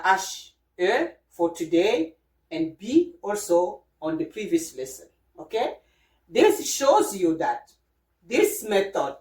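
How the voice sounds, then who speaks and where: A woman's voice: on the low side, distant mic. A woman teaching a beginner French lesson, spelling out letters one by one and checking in with the listener often. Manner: patient, repeats and spells out letters, checks in with "okay?". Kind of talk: slow beginner language lesson. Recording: roomy, from away from the mic.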